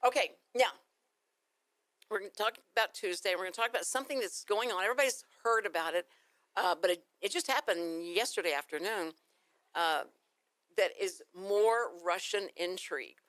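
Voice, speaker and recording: A woman's voice: mid-range voice, moderate pace, a bit bright, no echo. Chatty Texan woman radio host. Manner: rambling, storytelling, laughs easily. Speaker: radio talk show host. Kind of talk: casual morning radio chat. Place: radio studio. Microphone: studio microphone.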